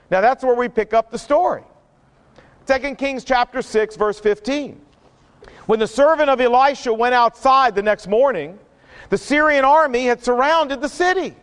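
Male pastor, earnest sermon, very high voice, long echo. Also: clear, resonant tone. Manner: earnest, emphatic, repetitive. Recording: long hall reverb.

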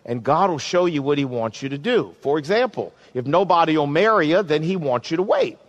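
A man's voice: a little high, animated, highs cut off. Earnest male pastor preaching. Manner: earnest, pleading, slows for emphasis. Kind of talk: sermon and closing prayer.

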